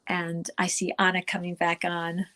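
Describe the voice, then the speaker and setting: A woman's voice: lowish voice, monotone, normal speed, fairly bright tone. A middle-aged woman giving a virtual conference talk, speaking conversationally with frequent fillers and restarts.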